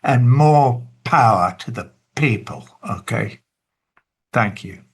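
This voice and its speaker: An older songwriter speaks on a video call in a slow, deliberate way. His voice sits at a middle pitch, and he is earnest and openly emotional about his work. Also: animated, husky. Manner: unhurried and emotional, reciting his lyrics. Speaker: songwriter guest. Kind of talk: casual talk on a webinar call.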